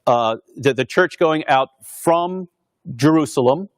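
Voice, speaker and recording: A man's voice: fairly high pitch, slow, no room sound, studio quality. A man, a pastor, giving an informal lecture in a conversational way, with many fillers and restarts. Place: Northern Virginia parish pastor speaking at a university.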